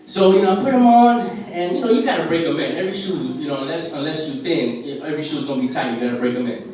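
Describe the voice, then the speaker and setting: On the high side and a bit dark in tone, this comedian talks quickly through a loosely told, rambling story, leaning on fillers and acted-out voices. The set is at a restaurant-stage open mic; he comes from a Puerto Rican family in the US. The audio is very echoey, with him far from the camera.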